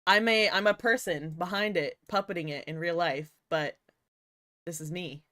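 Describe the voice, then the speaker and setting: A woman's voice: fairly low pitch, moderate pace, sharp tone, no echo, studio quality. A young woman VTuber chatting casually with her viewers, playful and giggly, teasing them and swearing often, a little tired. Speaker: VTuber streamer. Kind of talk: casual livestream chat with viewers.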